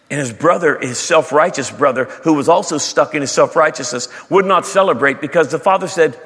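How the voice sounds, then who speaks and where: A man's voice: fairly high pitch, quick pace, few pauses, a bit bright, in a large hall. A male preacher giving a dramatic storytelling sermon, asking the audience questions as he retells a parable.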